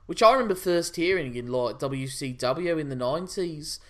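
A man's voice: on the high side, lively intonation, moderate pace. An opinionated, teasing man from England co-hosting a casual wrestling chat show, rambling through his points. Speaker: podcast co-host.

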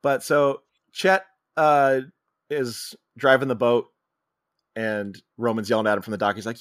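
A man co-hosting a movie podcast, walking through the plot in casual chat. He keeps slipping into short put-on voices for the characters. His own voice sits at an ordinary middle pitch. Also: fairly even intonation, no echo, studio quality. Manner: retells scenes, acting out lines in quick voices. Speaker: podcast co-host.

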